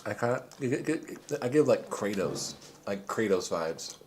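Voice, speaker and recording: A man guesting on a casual cooking livestream, laid-back and quick to laugh, with short agreeing asides. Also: lowish voice, expressive, a little hiss or hum. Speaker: guest chef.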